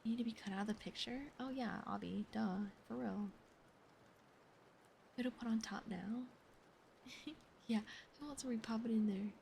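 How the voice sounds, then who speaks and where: A young woman streams whispered role-play, reading aloud and chatting softly with her viewers in between. Her voice sits a little high, with a gravelly fry under it. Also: normal speed, long pauses, a little hiss or hum.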